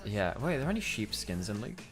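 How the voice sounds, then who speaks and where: A man's voice: lowish voice, very animated, quick pace, over music. A man from Wales, an esports commentator chatting casually on a stream and mocking himself, talking in a rambling way with lots of fillers. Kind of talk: casual chat during a stream break.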